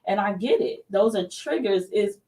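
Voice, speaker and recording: A woman's voice: medium pitch, lively intonation, normal speed, warm tone, distant mic. Female talk host, chatty and emphatic, sits a bit back from the mic. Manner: chatty, emphatic, laughs easily. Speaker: show host. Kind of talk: casual talk show chat.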